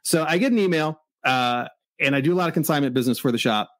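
This fast-talking, slightly high-voiced man owns a comic shop in Michigan and is in his forties. He narrates an animated, easygoing story, playing both people in the exchange, with no room sound on the recording.

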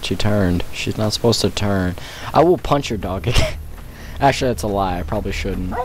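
A man's voice: fairly low pitch, moderate pace, a little hiss or hum. A young man giving casual let's-play commentary at his computer, breaking into panicky yelps and shrieks and laughing often. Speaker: gamer.

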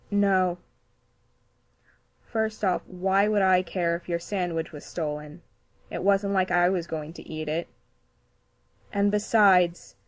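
Woman doing a cold deadpan cartoon girl. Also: fairly low pitch. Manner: flat, dry, contemptuous. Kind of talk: cartoon voice acting demo.

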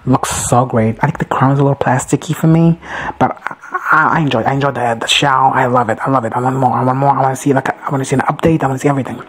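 A man recapping a show in a casual reaction video, gushing and excitable, swearing freely. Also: mid-range voice, quick pace, slightly rough, poor audio.

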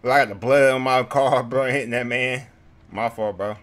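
A young man talking over his gameplay in an easy, mid-pitched voice, full of slang and quick reactions. He sounds like a streamer sitting at his computer mic. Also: fairly even intonation, fairly bright tone. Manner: laughing, rowdy slang. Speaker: gaming streamer. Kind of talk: casual gameplay commentary.

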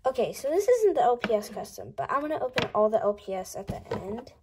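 A young woman chatting casually while unboxing toys, gushing and gasping often, sometimes dropping to a breathy coo. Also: on the high side, sing-song, fast talker, heavy background noise.

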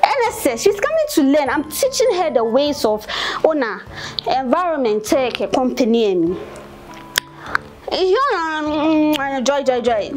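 An actress voicing a bossy Ghanaian office gossip, high-pitched and swooping all over her range as she rants and repeats herself. Faint music sits behind her. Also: big pitch swings, a little slow, a little mellow. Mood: indignant. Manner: indignant, repetitive ranting. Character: bossy, gossipy young office woman who claims the new intern. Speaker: office colleague. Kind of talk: comic web-series acting.

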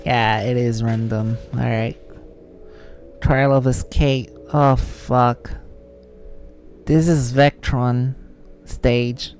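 Slow-talking swearing gaming host. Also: medium pitch, steady tone, a little mellow, soft background music. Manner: swears a lot, panicky outbursts while playing; thinks aloud, reading game text slowly. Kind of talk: live let's-play commentary.

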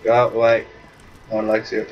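A man giving casual let's-play commentary over a video game, excitable and joking, swearing casually. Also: on the low side, moderate pace, distant mic, highs cut off. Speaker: gameplay commentator. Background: game music.

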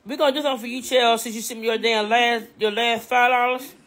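A woman's voice: on the high side, fairly even intonation, fast talker, a bit bright. A woman livestreaming in casual talk, repeating herself insistently and swearing a lot. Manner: repetitive, insistent, swears heavily.

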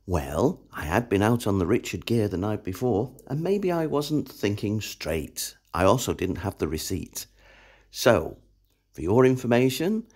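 A man's voice: on the low side, darkish tone, husky, full character voice. A man voicing a prim, posh male announcer who speaks in a plummy, stiff, formal way.

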